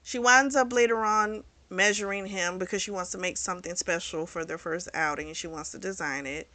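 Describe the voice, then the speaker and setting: A woman's voice: lowish voice, fairly even intonation, brisk, sharp tone, no echo. A woman hosting a book review channel, chattily recapping a romance novel's plot and slipping into the characters' quoted lines. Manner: chatty retelling with quoted dialogue.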